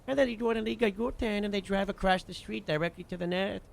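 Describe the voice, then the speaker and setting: Creaky-voiced man rambling through a story. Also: high-pitched, fast talker. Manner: rambling, full of "you know" and "like" fillers; animated retelling with sudden loud bursts. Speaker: livestreamer recounting a role-play shift. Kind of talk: casual storytelling recap.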